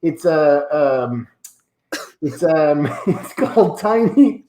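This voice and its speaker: A man's voice: a little high, very animated, takes it slowly, dark tone, a little hiss or hum. A man playing a rambling, self-important actor who claims to be Shrek, his fake accent slipping between Scottish and Australian, heard over an echoey video call. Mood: boastful.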